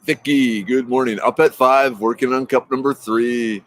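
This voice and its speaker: This man runs a relaxed morning livestream from his backyard, calling out viewers by name in a cheerful, meandering manner. His mid-range voice has fairly even intonation and a normal speed, and traffic can be heard in the background.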